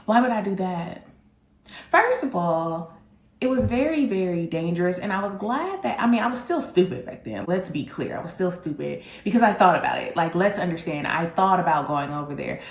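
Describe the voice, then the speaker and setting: A woman's voice: on the low side, normal speed, echoey room. A woman candidly telling her dating stories in a sassy, humorous way, talking straight to her viewers. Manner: animated, sassy, humorous, addresses viewers directly. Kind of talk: candid storytelling.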